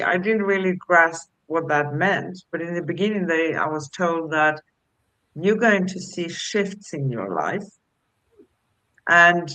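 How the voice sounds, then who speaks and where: Woman, co-host, slow, bright tone, dry sound, affirming chat. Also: lowish voice, low-quality recording. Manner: slow, affirming, asks "right?". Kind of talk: casual spiritual chat.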